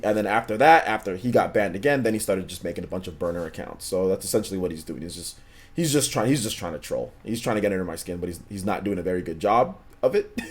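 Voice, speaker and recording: Low-pitched male stream host, relaxed and slangy, loops back on his words. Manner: laid-back, slangy, repeats himself. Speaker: livestream host. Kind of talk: casual livestream chat, reading chat messages.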